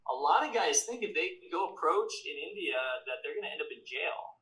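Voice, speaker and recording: A man's voice: on the high side, a little fast, low-quality recording. A man from the United States, a dating coach, chatting casually in an interview and telling stories with acted-out quotes. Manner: animated storyteller, acts out quotes. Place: in Latin America.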